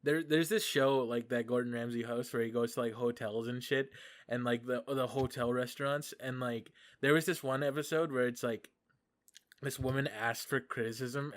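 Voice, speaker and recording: A man guesting on a podcast, chatting casually in a blunt, profane way. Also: mid-range voice. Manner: blunt, profane, laughs easily. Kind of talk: casual chat.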